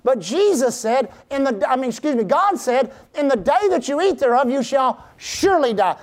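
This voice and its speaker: A middle-aged man preaching a sermon, calling out to the congregation, reading scripture aloud and at times breaking into shouts. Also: very high-pitched, lively intonation, brisk, hardly any pauses. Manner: preaching with call-and-response to the congregation; reads scripture aloud in old-fashioned wording. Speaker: pastor.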